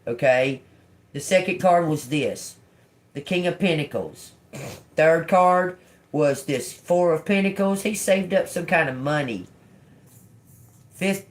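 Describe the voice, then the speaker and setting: An older woman giving a live-stream tarot reading in a slow, profane, confrontational manner. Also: fairly low pitch. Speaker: tarot reader.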